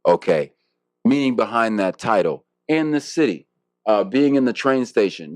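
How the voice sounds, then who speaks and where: A man's voice: on the low side, darkish tone, no room sound. A man, a harpist guest in an interview, talking casually and reflectively with many fillers and restarts.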